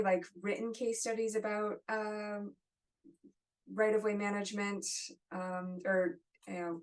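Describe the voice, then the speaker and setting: A woman's voice: mid-range voice, gravelly, darkish tone. A woman moderating an online webinar, answering audience questions in a friendly conversational way over a video call. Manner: conversational, friendly, apologetic asides. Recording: distant mic.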